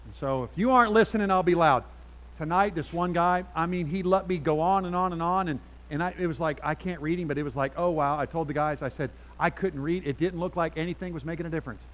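A middle-aged man preaching a sermon as pastor, animated and chatty, dropping to quiet asides and then getting loud. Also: on the high side, fast, few pauses, poor audio.

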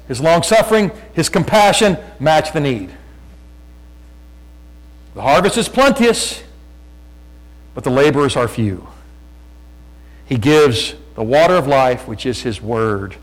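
A man preaching a sermon, telling folksy stories and talking loud, often repeating his phrases. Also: medium pitch, poor audio. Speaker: pastor.

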